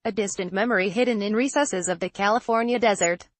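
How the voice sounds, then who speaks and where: A woman narrating a news feature, her delivery measured and even as she reads quoted remarks without changing voice. Her pitch sits in an ordinary middle range, and the recording is close and dry with no room sound. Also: no echo. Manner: even, measured read-through of an article, quotes in the same voice. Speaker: news reader.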